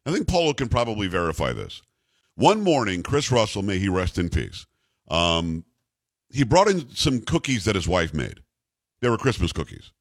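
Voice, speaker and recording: A man hosting a radio talk show with a bass voice, telling stories casually and jokingly, doing voices for the people in them. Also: normal speed, no echo. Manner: animated, jokey, puts on voices for the people in his stories. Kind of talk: casual on-air storytelling. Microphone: studio microphone.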